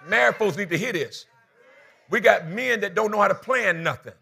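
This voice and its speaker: Pastor, male, slightly high voice, storytelling sermon with comic flair. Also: normal speed, vocal fry, breathy edge. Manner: animated comic storytelling, acting out dialogue.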